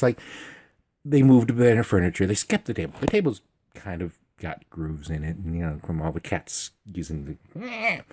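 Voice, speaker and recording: A man spins a comic personal tale in a loose, rambling way. His pitch swings widely as he talks, and he breaks into squeaky meows and silly sound effects. The telling stays casual and animated from start to finish. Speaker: storyteller. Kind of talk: comedic personal storytelling.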